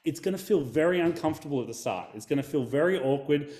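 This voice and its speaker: A man talking as a guest in a casual podcast interview, animated and storytelling. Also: a little high, fast talker, echoey room. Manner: animated, storytelling, acts out quotes. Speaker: guest, video coach.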